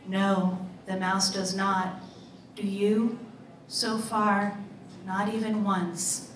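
A woman author reading her own story aloud in a measured, deliberate way. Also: medium pitch, level tone, a little hiss or hum. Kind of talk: literary reading. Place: live reading event. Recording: roomy, distant mic, faint ambience.

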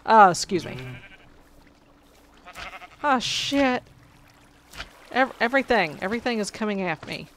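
A woman's voice: a little high, animated, unhurried, long pauses, a bit bright, slight background noise. A woman giving casual, chatty commentary while she plays a video game, talking back to the creatures and getting exasperated. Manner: sarcastic asides. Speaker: gameplay commentator.

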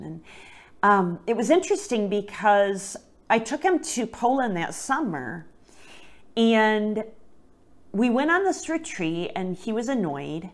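A woman hosting a podcast, telling a personal faith story gently and reflectively, her voice sometimes dropping to a hushed near-whisper. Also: mid-range voice, very animated, unhurried.

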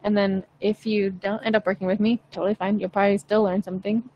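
A woman's voice: mid-range voice, flat delivery, quick pace, lo-fi sound, a little hiss or hum. Chatty, encouraging woman vocal coach. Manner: chatty, encouraging, many fillers. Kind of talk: live-stream Q&A chat.

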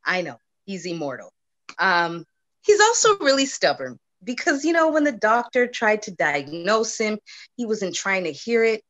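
A woman's voice: medium pitch, very animated, moderate pace, fairly bright tone. A woman comedian, a guest on the show, chatting casually and telling a family anecdote, laughing as she goes. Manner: laughs through her own storytelling. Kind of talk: casual interview chat.

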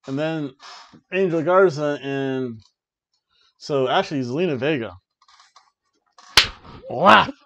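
Excitable man recapping wrestling, lo-fi. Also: medium pitch. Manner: excited play-by-play retelling with jokey asides. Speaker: podcast co-host.

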